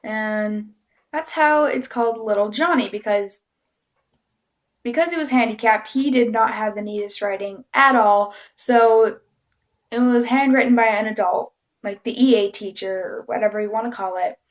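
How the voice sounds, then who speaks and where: A woman vlogger with a slightly high voice narrates a story to camera at a moderate pace. The tone is casual and chatty, with plenty of giggling and animated re-enactments of what people said.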